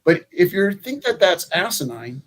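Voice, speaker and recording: A man's voice: high-pitched, sing-song, normal speed. A man, a former candidate for Congress, talking in a rambling, folksy way with many restarts on a convention panel. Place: convention meeting room.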